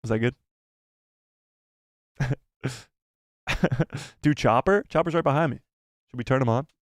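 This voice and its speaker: A man's voice: mid-range voice, measured pace, dry recording. A man hosting a casual live stream, reading viewer messages in a jokey, self-deprecating, rambling way into a close microphone. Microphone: close desk microphone.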